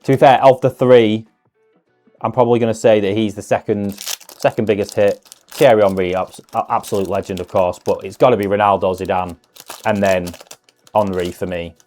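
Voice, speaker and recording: A man's voice: fairly low pitch, fairly even intonation, moderate pace, a little mellow, soft background music. A man hosting a casual card-opening video, chatting along in a musing way with self-deprecating asides. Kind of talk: casual unboxing commentary.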